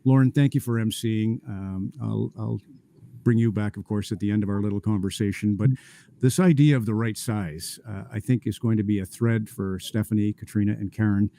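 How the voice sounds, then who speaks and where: A middle-aged man hosts a panel in an easy, anecdotal way, leaning on filler uhs. His voice sits low and sounds warm and mellow. He tells stories at an unhurried, conversational pace. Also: fairly even intonation, vocal fry. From Canada. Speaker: moderator. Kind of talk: casual storytelling.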